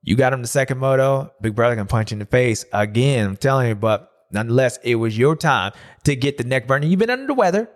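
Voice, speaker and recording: A man hosting a loose, chatty race recap. His pitch swings a lot, and he often jumps into high, mocking voices to act out what riders said. He talks the way someone who has raced himself talks about it. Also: fairly even intonation, fairly quick. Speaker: podcast host and former racer. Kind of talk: casual race recap commentary.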